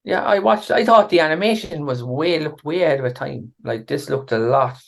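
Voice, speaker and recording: A man co-hosting a podcast, talking hesitantly with many pauses and fillers. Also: fairly high pitch, lively intonation, gravelly. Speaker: podcast co-host.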